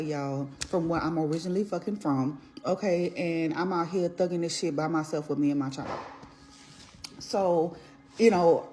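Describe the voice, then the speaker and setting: A woman's voice: lowish voice, warm tone, a little hiss or hum. A mother telling a casual storytime, blunt and profane, rambling as she vents about her complaints.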